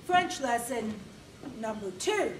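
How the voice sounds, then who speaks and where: A woman giving a humorous contest speech, telling her story slowly and theatrically and acting out phrases in French. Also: on the high side, animated, far from the mic, very noisy. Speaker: contest speaker. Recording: roomy hall recorded from afar.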